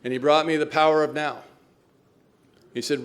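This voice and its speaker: A man's voice: medium pitch, steady tone, fast talker, pauses often. Wry older man sharing his story. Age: 70s. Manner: wry, self-mocking storytelling. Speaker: recovery meeting speaker. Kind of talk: personal recovery talk.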